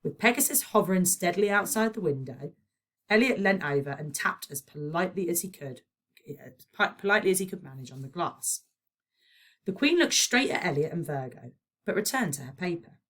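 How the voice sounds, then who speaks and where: A woman with a British accent, a primary school teacher, reading a children's novel aloud with expressive storytelling. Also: on the low side, fairly quick. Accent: British English.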